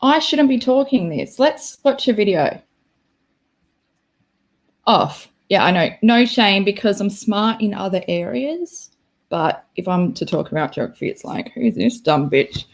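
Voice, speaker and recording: Reacting to her chat, a young Australian livestream host is chatty and self-deprecating. She speaks at medium pitch, animated but unhurried.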